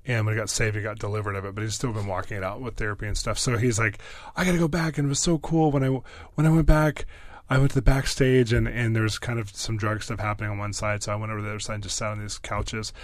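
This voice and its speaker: A pastor being interviewed, telling stories in an excitable way with many fillers and quick bursts. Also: male voice, fairly low pitch, no room sound. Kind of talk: animated storytelling.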